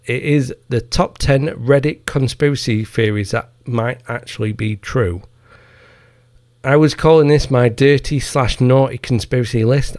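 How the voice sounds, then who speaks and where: Gravelly man ranting. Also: medium pitch, darkish tone, no room sound, studio quality. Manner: profane, heated ranting with mocking asides. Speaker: podcast host. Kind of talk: casual solo podcast rant.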